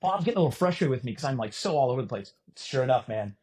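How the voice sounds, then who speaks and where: Husky, animated middle-aged storyteller man. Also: medium pitch, rapid-fire. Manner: animated, profane, self-mocking. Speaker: podcast guest, former volleyball player and announcer. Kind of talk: casual storytelling.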